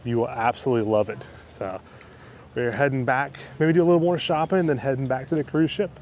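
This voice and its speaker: An excited man chats casually as he narrates a travel vlog. His voice sits at an ordinary middle pitch, and faint outdoor ambience hangs behind him as he walks along a wharf. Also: fairly quick, highs cut off, a little hiss or hum. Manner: enthusiastic, chatty. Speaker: travel vlogger.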